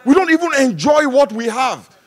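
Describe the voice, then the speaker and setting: A male pastor preaching a sermon at a church service, animated and humorous, swinging between quiet asides and loud passages. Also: very high voice, moderate pace.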